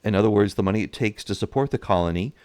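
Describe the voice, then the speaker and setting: Low-voiced man, animated history commentary. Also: racing, smooth, no echo. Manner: animated, acts out nations in voices, chuckles. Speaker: history and strategy game commentator.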